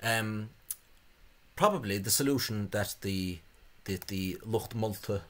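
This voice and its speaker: A man's voice: on the low side, slow, a bit bright. A man gives a spoken lecture on spelling, hesitant and full of fillers, with scornful asides. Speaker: language video host.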